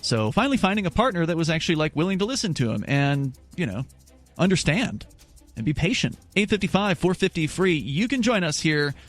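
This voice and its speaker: With faint music playing behind him, the radio host speaks briskly in a high, sing-song voice. He reads the news, talks with his co-host, and keeps things conversational with asides and restarts.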